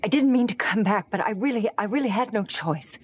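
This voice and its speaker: Brief: actress playing a quiet, hesitant, apologetic woman, mid-pitched, faint noise behind. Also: expressive, fairly quick, natural voice. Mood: subdued. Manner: soft, hesitant. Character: quiet returning ex-lover, apologetic. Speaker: soap opera character.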